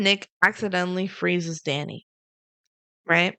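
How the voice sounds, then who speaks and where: Kobieta z chrypką w głosie, suche nagranie. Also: female voice, on the low side, unhurried, clean tone, no room sound. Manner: animated retelling, acting out characters' lines. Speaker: podcast co-host. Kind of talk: casual movie recap chat.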